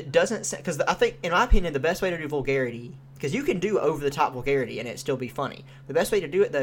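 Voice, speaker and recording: A man's voice: mid-range voice, a little hiss or hum. A young man co-hosting a podcast, reviewing a show in casual chat with lots of fillers and free swearing. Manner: animated, swears freely, frequent fillers. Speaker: podcast co-host.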